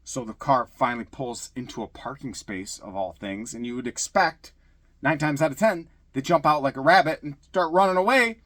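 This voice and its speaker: A middle-aged former police officer from Michigan telling casual stories, acting out quotes with a raised voice. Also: male voice, medium pitch, moderate pace, dry recording. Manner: animated, acts out shouted quotes in a raised voice. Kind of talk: casual storytelling.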